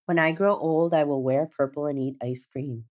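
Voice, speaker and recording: A woman in her fifties reads her own personal essay, her voice set unusually low for a woman. She is measured and reflective, with a gently wry turn, unhurried from line to line. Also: dull audio. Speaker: narrator.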